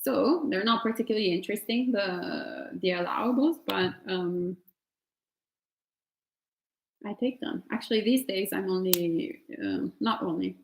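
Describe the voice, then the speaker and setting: Italian lady meditation teacher, creaky voice, rambly casual q&a, lots of ums. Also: medium pitch, measured pace, slight background noise. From Italy. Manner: chatty, laughs often, many fillers. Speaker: meditation teacher answering questions. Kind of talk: casual Q&A at an online retreat. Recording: roomy echo.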